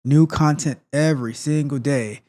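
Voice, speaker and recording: A male host chatting casually on a live tech stream. His voice sits a little high, and he is friendly as he greets viewers in the chat. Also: normal speed, darkish tone.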